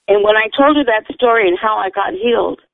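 A woman's voice: mid-range voice, a little fast, creaky, no room sound. A woman telling a personal faith testimony in an earnest, rambling way, often correcting herself. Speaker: storyteller. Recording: tinny phone-like radio sound.

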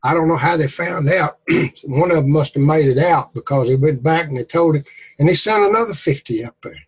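A man, leading a group discussion and telling folksy, animated Bible stories. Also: on the high side, normal speed, breathy edge, poor audio. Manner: animated, drawling, acts out stories. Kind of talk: folksy preaching and storytelling.

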